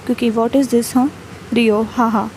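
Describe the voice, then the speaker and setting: A woman reading a fan fiction chat story aloud. She speaks each speaker name and stage cue in the same even, unvaried tone. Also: on the high side, moderate pace, a little hiss or hum, rough recording.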